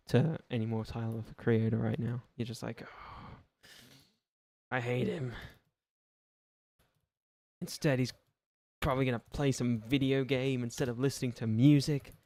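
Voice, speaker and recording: A man's voice: medium pitch, fairly even intonation, fairly quick, darkish tone, no echo. Joking streamer guy. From Australia. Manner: joking, rambling, laughs often. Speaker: livestreamer. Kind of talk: casual gaming livestream chat.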